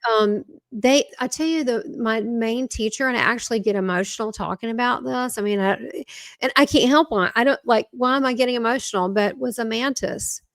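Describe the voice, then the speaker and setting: A woman's voice: fairly high pitch, brisk, no echo, clean studio sound. A woman being interviewed as a spiritual medium, talking animatedly and often breaking off and restarting her sentences. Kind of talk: casual interview chat.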